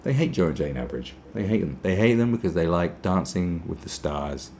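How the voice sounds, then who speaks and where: A low-voiced British man rants through a podcast monologue, sarcastic and profane. His pitch leaps wildly whenever he mocks the people he talks about. A faint noise sits under the recording. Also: animated, brisk, a little mellow. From Britain. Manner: ranting, sarcastic, swears, mimics people in high mocking voices. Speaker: podcast host.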